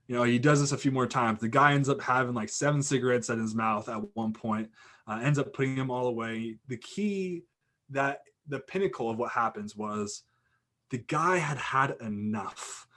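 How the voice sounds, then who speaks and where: Young guy, podcast guest, rambling animated storyteller who keeps saying "like" and restarting sentences. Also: medium pitch. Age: young adult. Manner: animated anecdote with lots of "like" and restarts. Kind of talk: casual storytelling.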